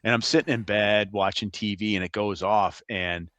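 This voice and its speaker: A middle-aged man with a low voice tells lively, laughing stories from his career. He sounds close to the mic, with a dry sound and no room echo. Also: moderate pace, muffled recording. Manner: animated, laughing anecdotes. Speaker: retired FBI agent, guest. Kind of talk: casual storytelling interview.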